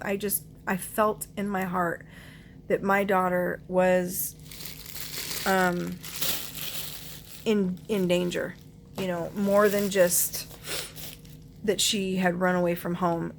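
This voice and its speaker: Woman, forties, earnest storytelling, low voice, stops to find words, throat-clearing. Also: a little hiss or hum. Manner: earnest and emotional, often pausing to search for words; clears her throat now and then. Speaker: mother telling her family's story. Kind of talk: personal storytelling to camera.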